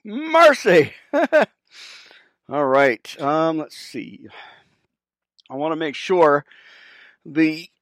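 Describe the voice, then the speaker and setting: A man's voice: a little high, dry recording, studio quality. A man, a pastor hosting his own podcast, chatting casually while he sets up his stream, out of breath and rambling with many fillers. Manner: rambling, chatty, halting with fillers, calls listeners friends. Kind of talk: casual chat while setting up a livestream.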